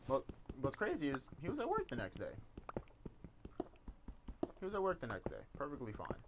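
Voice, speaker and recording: Young male gamer, casual swearing storyteller, lively pitch, noisy home recording. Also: brisk, pauses often. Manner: rambling, swears a lot, animated retelling with quoted voices. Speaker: gaming YouTuber. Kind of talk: casual storytelling over gameplay.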